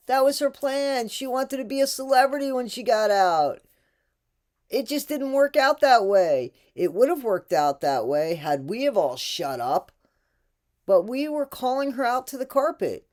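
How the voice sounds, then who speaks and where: A woman's voice: on the high side, a little mellow. An American woman making sarcastic, mocking asides as she comments on a TV clip for her reaction video.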